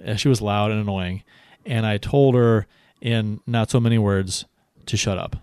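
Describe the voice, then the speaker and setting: A man's voice: lowish voice, moderate pace, a little mellow, clear, resonant tone, dry recording, clean studio sound. A man co-hosting a hockey podcast in casual chat, talking in a loose, rambling way. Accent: St. Louis. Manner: rambling, many fillers and restarts. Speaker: podcast co-host.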